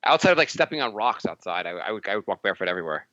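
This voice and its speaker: A man's voice: fairly low pitch, sing-song, racing, sharp tone, dry recording, highs cut off. A man co-hosting a podcast, rambling casually with lots of fillers and jokes. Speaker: podcast co-host. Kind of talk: casual chat.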